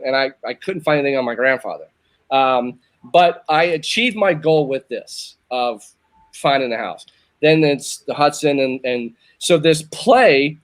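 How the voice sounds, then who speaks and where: A man in his fifties from Northern Virginia, telling a long personal story in casual chat, rambling and restarting his sentences. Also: fairly high pitch. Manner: rambling, repeats himself, restarts. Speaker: show host.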